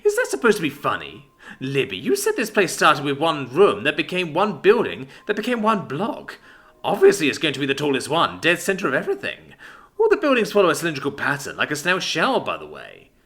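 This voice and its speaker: A man's voice: fairly high pitch, huge pitch swings, fairly quick, fairly bright tone, voice pushed up. A man voicing a blunt, aggressive young man in a narrated story, who swears freely and swings between menace and worry. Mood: sardonic.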